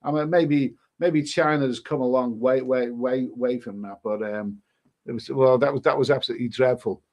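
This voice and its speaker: A man's voice: mid-range voice, steady tone, normal speed, darkish tone, highs cut off. A man hosting a casual live stream, reading viewer comments aloud and answering them with rambling, chuckling asides and many restarts.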